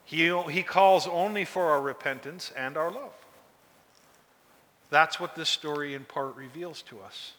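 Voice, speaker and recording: Male preacher, high voice, very bright and sharp, emphatic repetition, long hall echo. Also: unhurried. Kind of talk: sermon.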